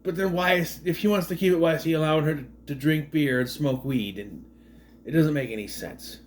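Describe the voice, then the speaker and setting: A man with a slightly higher-than-usual voice who talks through a film recap in a loose, rambling way. He restarts his sentences and leans on fillers. He keeps tossing in sardonic questions. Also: brisk, a little hiss or hum. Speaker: movie commentary host. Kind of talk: casual spoken movie recap.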